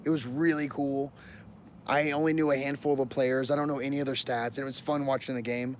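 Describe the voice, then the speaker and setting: A man's voice: medium pitch, little pitch movement, brisk, slight background noise. A man livestreaming from his phone outdoors near his home. He tells a personal story in a casual, rambling way, with many fillers and apologies to his viewers.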